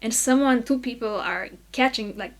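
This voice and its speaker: A woman guest on a podcast, telling a story in animated casual chat, often laughing and filling with "like". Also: on the high side, normal speed.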